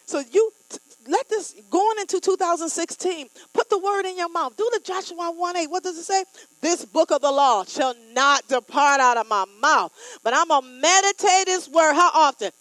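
A woman preaching a sermon, leading the congregation in call-and-response and rising to loud, emphatic declarations. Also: extremely high pitch, moderate pace, no echo, low-quality recording.

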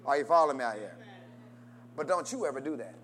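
A man's voice: lively intonation, fast talker. A man preaching a sermon, constantly calling out questions for the congregation to answer and urging them to say amen. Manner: call-and-response preaching with wide swings in pitch and loudness.

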